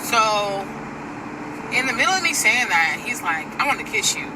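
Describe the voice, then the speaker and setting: A young woman telling a dating story in a fast, profane, exasperated casual rant. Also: on the high side, very animated, recorded from a distance, over a noisy crowd. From US Pacific Northwest. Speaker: storyteller in stitched clip. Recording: street traffic noise behind.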